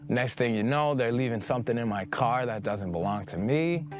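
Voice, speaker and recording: A man's voice: medium pitch, animated, moderate pace. Young man telling his story over music. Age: young adult. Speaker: interviewee. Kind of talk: personal testimony. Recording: music bed under interview.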